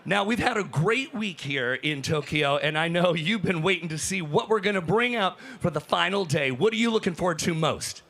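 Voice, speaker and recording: A high, gravelly male hype host works a convention floor. He shouts with excitement and chats with fans as he moves through the crowd. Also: moderate pace, hardly any pauses. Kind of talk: energetic live event hosting.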